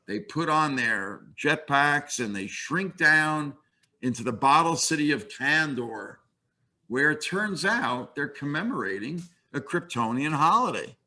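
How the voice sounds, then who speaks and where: An older man in his sixties giving a webinar lecture on comics, relaxed and conversational, with wry asides. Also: fairly high pitch, measured pace.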